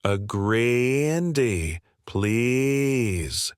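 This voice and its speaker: A man's voice: mid-range voice, sing-song, measured pace, no echo, studio quality. A man doing a sneering sarcastic barista. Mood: mocking. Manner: sneering, taunting. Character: sarcastic mocking young barista.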